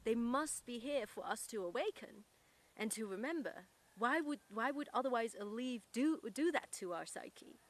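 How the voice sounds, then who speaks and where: A woman being interviewed, speaking in an earnest, searching way and pausing to find her words. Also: on the high side, expressive. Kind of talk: reflective interview talk.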